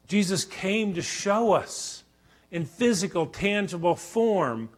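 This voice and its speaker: A middle-aged man delivers a Bible teaching talk in a somewhat high voice. He speaks with animation and breaks into loud bursts as he acts out quotes. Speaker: professor teaching a church conference session.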